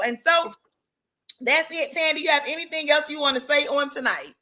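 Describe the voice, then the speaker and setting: A woman's voice: high voice, moderate pace, sharp tone, rough recording. A woman hosting a casual talk show, speaking emotionally and repeating grateful phrases, with a churchy cadence. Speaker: host.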